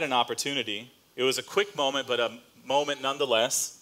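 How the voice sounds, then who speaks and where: A male pastor preaches in a casual storytelling way, loose and chatty with slang asides. His voice sits at a middle pitch with a bright, forceful edge. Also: steady tone, fairly quick, a little hiss or hum. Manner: conversational, with fillers and slang asides. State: choked up near the end.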